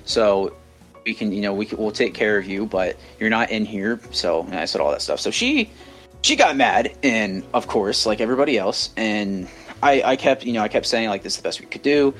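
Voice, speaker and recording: A man's voice: on the low side, lively intonation, normal speed, a bit bright, faint music behind. A young man co-hosting a podcast, telling a story in casual chat, rambling with many restarts. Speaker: podcast co-host.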